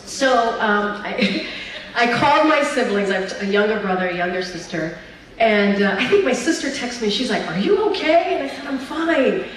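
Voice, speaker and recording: A woman speaking as the featured guest at an event, telling stories in a lively, chatty way. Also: mid-range voice, normal speed. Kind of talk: speech and onstage Q&A. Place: large event hall at a brunch. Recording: echoey hall, mic picked up from a distance.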